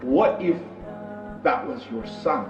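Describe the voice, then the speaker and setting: A male preacher voicing a gentle, pious old wife in a retold story, heard from afar in an echoey room. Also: medium pitch, lively intonation, slow. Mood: questioning. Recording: distant echoey dull recording with music.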